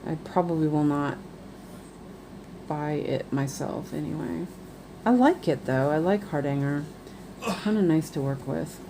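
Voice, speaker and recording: A woman's voice: sits low, animated, measured pace, pauses often, background noise. A woman chatting casually and rambling on a live stream while she does cross-stitch. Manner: rambling, chatty, many fillers.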